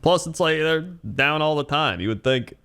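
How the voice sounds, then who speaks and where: A man's voice: a little high, animated, normal speed, fairly bright tone, clear, resonant tone. A man co-hosting a podcast in casual chat, laid-back and reacting to his partner's stories. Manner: laid-back, reacts with laughs and short comments. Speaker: podcast co-host.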